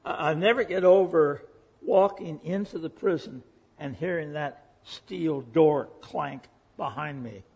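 Speaking at a measured pace, a man in his 80s has a slightly high voice that's gravelly, a little mellow and edged with breath. His folksy, earnest sermon is full of stories, with quoted voices acted out, on a muffled lo-fi recording.

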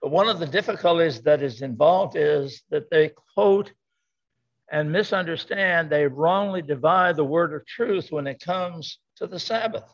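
A man's voice: fairly high pitch, unhurried. An older man preaching a sermon to a congregation, emphatic, repeating his key words. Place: church sanctuary. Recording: dull lo-fi sound.

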